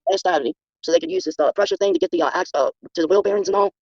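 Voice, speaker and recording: A middle-aged or older guest on a casual livestream, emphatic and defensive, who talks in rushes. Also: medium pitch, wildly swooping pitch, vocal fry, no echo. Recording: muffled lo-fi stream audio.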